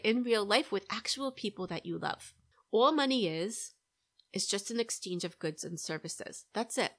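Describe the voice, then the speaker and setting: A woman's voice: medium pitch, a bit bright. Middle-aged female host, direct coaching talk with frequent "right?" checks. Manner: coaching, keeps asking "right?". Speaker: podcast host, money coach. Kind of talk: solo podcast advice talk.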